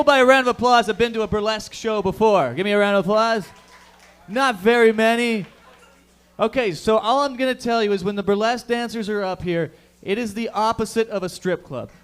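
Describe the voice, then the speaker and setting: A man's voice: high voice, clear, resonant tone. Brash, profane young male comic host. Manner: brash, profane, loud crowd work. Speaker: comedy show host. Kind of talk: stand-up comedy. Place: comedy bar stage.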